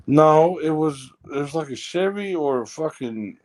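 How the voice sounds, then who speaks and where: A man's voice: fairly high pitch, lively intonation, a little slow, darkish tone, a little hiss or hum. A man talking in loose, profane banter, rambling and hesitating as he tries to recall things. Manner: rambling, swears a lot, hesitant.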